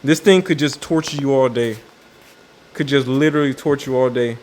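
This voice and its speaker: A man's voice: medium pitch, fairly even intonation, brisk, a little hiss or hum. A man casually commenting on a card game's new cards, thinking aloud with many fillers and restarts. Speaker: card game video creator.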